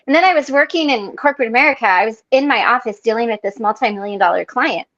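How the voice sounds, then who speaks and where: A woman tells a story in a high, bright voice, acting out everyone's lines as she goes. Her voice sounds dry and close, and a little dull and muffled. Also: fast talker, dry recording. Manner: animated storyteller acting out quotes. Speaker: meeting participant. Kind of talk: casual storytelling.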